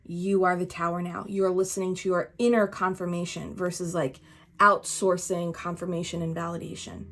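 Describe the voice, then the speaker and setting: A woman's voice: fairly low pitch, level tone, normal speed. A woman giving a tarot reading in a casual, emphatic way, talking straight to the viewer and swearing now and then. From United States. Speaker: tarot reader.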